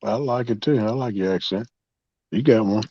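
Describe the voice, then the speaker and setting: A man's voice: lowish voice, moderate pace, darkish tone, breathy edge, dry recording, highs cut off. A man in casual chat, talking in an easygoing, encouraging way.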